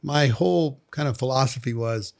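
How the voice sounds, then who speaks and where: A man's voice: medium pitch, moderate pace, creaky. A man hosting an interview podcast, reflecting thoughtfully and affirming his guest. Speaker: podcast host. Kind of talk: interview conversation.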